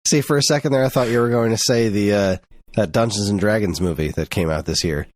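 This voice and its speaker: A man's voice: on the low side, brisk, no echo. A man co-hosting a podcast in casual chat, often restarting his sentences. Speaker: podcast co-host.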